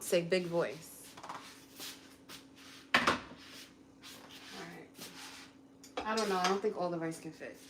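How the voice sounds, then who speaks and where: A woman's voice: lowish voice, background noise. Chatty woman coaching a singing lesson. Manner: chatty, encouraging, coaching step by step. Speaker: content creator and vocal coach. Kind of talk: casual livestream chat with a mini singing lesson. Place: home kitchen while cooking.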